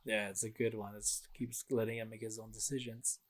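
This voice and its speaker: A young man co-hosting a podcast, excitedly retelling a video game's plot in casual chat and swearing freely. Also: on the low side, a little fast. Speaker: podcast co-host.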